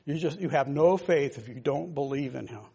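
Gravelly older man preaching. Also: mid-range voice, fairly quick, mellow. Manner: rambling, emphatic preaching with asides to listeners. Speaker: pastor. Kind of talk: informal sermon.

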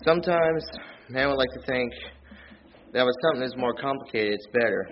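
A man gives an earnest, plain-spoken sermon in church, reading verses and then explaining them in everyday words. His voice sits at an ordinary middle pitch and swells louder on the points he presses. The recording is dull and lo-fi, with faint noise underneath. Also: brisk. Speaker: lay preacher.

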